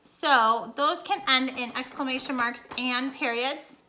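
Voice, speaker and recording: A woman's voice: sits high, steady tone, a little slow, bright, forceful tone, slight background noise. A young woman teacher recording a casual home lesson for her students, explaining each step in a chatty way.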